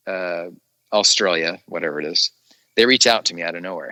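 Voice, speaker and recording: A man telling stories as a guest in a casual podcast chat, animated and laughing often, recorded in a studio. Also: deep voice, brisk, dry recording. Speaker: guest actor.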